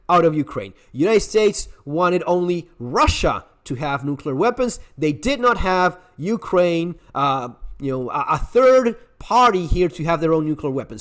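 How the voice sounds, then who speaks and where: A man hosting a survival channel, giving blunt, sarcastic commentary to camera, swearing freely and restarting his sentences as he rants. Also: high voice. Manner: ranting, with frequent restarts.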